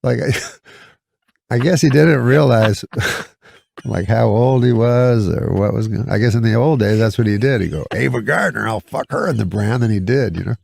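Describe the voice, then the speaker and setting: A male comedian telling a rambling anecdote in a deadpan, halting way, chuckling and restarting as he goes. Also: medium pitch, vocal fry, a little hiss or hum. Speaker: comedian guest.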